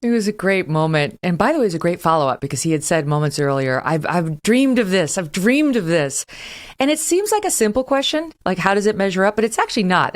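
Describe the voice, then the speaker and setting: A middle-aged woman hosting an interview, chatty and animated, leaning on filler words. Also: sits low. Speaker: host.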